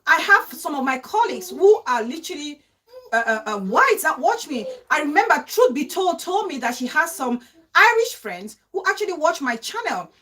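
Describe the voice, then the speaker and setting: Emphatic Cameroonian woman, high lively voice. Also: moderate pace. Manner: emphatic, repeats points as rhetorical questions. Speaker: vlogger hosting a live stream. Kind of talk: live-stream vlog, reading viewer comments.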